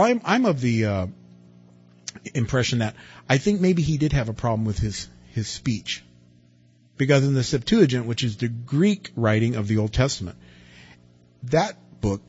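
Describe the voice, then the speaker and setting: A man preaching a sermon in a conversational way, asking rhetorical questions and swinging from loud to quiet. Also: mid-range voice, slightly rough. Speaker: pastor. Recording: dull lo-fi recording with faint music.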